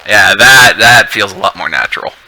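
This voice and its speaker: A man's voice: fairly low pitch, moderate pace, pushed and bright, faint music behind, rough recording. A man casually thinking aloud on a live stream while he edits a video, rambling with many restarts. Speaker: video editor streaming his work.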